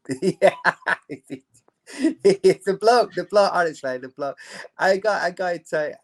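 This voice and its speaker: Animated Yorkshire man telling stories. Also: fairly high pitch. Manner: animated, laughing, acts out dialogue. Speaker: former footballer guest. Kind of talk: anecdotal storytelling.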